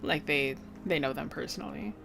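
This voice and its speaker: A young woman streamer chatting casually, bubbly and rambling, full of "like" and quick laughs. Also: deep voice, vocal fry, a bit bright, a little hiss or hum. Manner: bubbly, rambling, heavy "like" filler, bursts of laughter.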